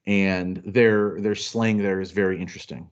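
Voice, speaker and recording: A man co-hosting a casual chat show, telling travel stories in an animated, self-deprecating way. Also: low-pitched, moderate pace, clean tone, muffled recording. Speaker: podcast co-host.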